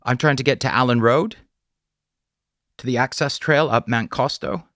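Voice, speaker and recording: A man's voice: medium pitch, normal speed, a bit bright, no echo, clean studio sound, voice pushed up, close to an everyday voice. A man voicing a friendly, polite male drifter in his twenties in an audiobook, easygoing and chatty.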